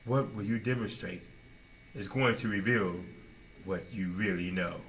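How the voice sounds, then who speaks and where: A man preaching a sermon with dramatic swings between loud bursts and low asides, and many rhetorical questions. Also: unhurried.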